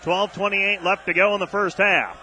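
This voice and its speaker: High, bright-voiced male radio play-by-play caller. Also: fairly even intonation, slight background noise. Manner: rapid play calls that surge loud on big plays, openly exasperated at the refereeing. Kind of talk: basketball play-by-play commentary.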